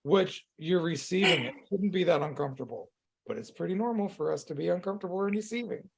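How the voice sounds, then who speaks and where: A man's voice: high voice, lively intonation, quick pace, gravelly, slight background noise. A man co-hosting a casual talk show, emphatic and swearing casually. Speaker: podcast co-host. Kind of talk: casual chat.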